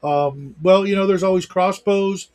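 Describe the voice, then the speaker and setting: A man's voice: high voice, unhurried, a little mellow. A middle-aged man hosting a livestream talk show in casual chat, rambling with lots of fillers. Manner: rambling, heavy use of fillers.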